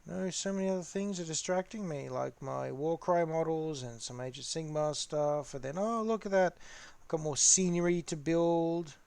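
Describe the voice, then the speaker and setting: A man rambles casually to his live-stream viewers while he paints models. His voice sits a little high for a man. The sound is dry, with no room echo. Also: moderate pace, vocal fry, a little mellow, clear, resonant tone. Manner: rambling, chatty, talks to the chat. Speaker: streamer hosting a hobby chat.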